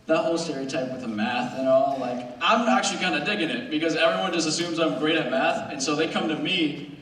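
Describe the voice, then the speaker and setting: A teenage boy tells a casual, self-mocking stand-up set in a slightly high voice. The house mic catches him from far off in a big, echoing school hall with a noticeable layer of noise. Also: fairly quick, a bit bright. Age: teens. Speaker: student stand-up comedian. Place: school auditorium stage. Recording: very echoey hall recorded from far off.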